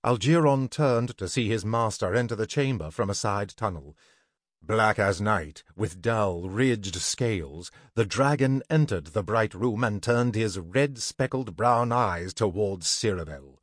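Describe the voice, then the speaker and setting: A man narrating a scripted fantasy story in an even, deliberate way. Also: on the low side, no room sound, clean studio sound.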